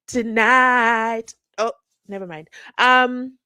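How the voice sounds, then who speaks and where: A woman's voice: mid-range voice, a little slow, no echo. A woman from South Africa hosting a casual livestream, reading viewer comments and reacting with bursts of song and playful asides. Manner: animated, sings snippets, reads viewer comments aloud. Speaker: livestream host.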